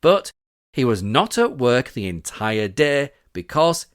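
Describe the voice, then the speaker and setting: Man, from Britain, podcast host, scripted monologue, sarcastic, very expressive pitch. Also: slow, smooth, dry recording, studio quality. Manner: sarcastic, indignant, reading out quotes.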